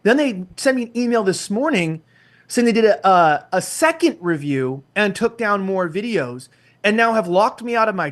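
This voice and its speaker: A man's voice: high voice, a bit bright. A man, a guest on a podcast, talking indignantly in casual chat. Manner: indignant, ranting.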